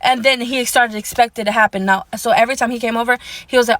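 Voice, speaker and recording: A woman rattles through a personal story at a quick clip, blunt and candid in a casual storytime way. Her telling is animated and indignant, and she swears now and then. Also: fairly high pitch.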